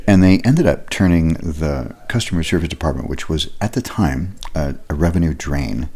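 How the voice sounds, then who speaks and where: Man, very low voice, leadership trainer, conversational lesson. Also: lively intonation, moderate pace, few pauses, warm tone, breathy edge. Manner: conversational, explanatory, with fillers.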